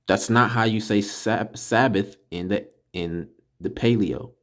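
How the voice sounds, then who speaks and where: A man teaching a casual class, correcting pronunciation in an emphatic way and slowly sounding out syllables one by one. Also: on the low side. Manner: slow, deliberate, repeats and sounds out syllables. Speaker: teacher of a religious language class. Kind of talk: casual spoken lesson.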